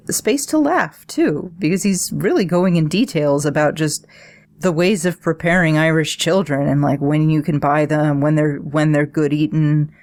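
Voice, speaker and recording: Woman podcast co-host, deep for her sex, lively analytical chat. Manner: animated analytical talk. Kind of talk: casual podcast discussion.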